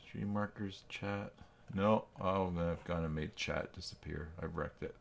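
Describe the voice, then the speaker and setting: Low-voiced man chatting on a live stream. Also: steady tone, a little slow, vocal fry, a little hiss or hum. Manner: thinks aloud, reacts to chat, self-deprecating. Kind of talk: casual live-stream chat while working.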